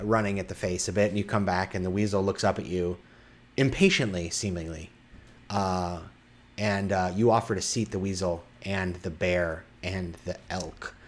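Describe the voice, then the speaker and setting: Male game master, lowish voice, halting tabletop narration. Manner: halting, many fillers and restarts.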